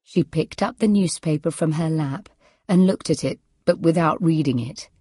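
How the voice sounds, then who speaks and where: A woman reading a story aloud in a measured, quiet way. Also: low voice, breathy edge, no room sound, studio quality. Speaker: narrator.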